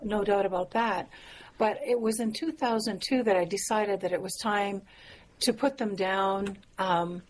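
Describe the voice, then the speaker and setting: A woman songwriter telling stories about her songs in a relaxed interview, pausing with fillers and soft laughs. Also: mid-range voice. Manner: warm, reflective, frequent fillers and soft laughs. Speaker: songwriter and musician guest. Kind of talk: casual interview conversation.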